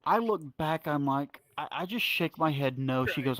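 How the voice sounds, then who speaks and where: A man from North Georgia, telling biker stories in a casual, profane, animated way. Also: a little high, fast talker, few pauses, a crowd in the background. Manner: profane, drawling, animated retelling. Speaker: storyteller. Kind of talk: casual storytelling.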